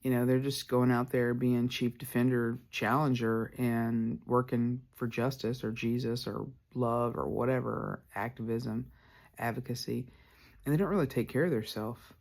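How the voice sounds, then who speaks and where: A man's voice: mid-range voice, steady tone, normal speed, creaky, darkish tone. A man, hosting a podcast and telling a personal story candidly, full of "like" fillers. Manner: candid, rambling, lots of "like" fillers. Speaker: podcast host.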